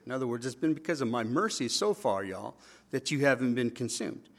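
A man pastor preaching a sermon, acting out quotes with lively asides. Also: mid-range voice, fairly quick, gravelly.

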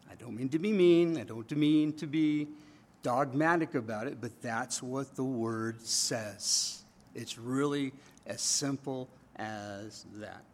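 A male pastor preaches a sermon to a congregation in church, repeatedly checking in with his listeners. He alternates between loud, emphatic bursts and quiet, low asides, with a little hiss or hum in the background.

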